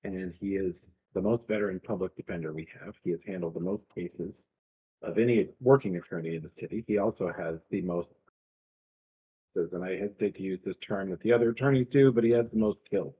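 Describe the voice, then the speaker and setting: A man's voice: deep voice, a little fast, slightly rough, phone-quality sound, voice pushed down. A man voicing a stern, short-tempered woman judge who speaks curtly and with weary authority. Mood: brisk, measured.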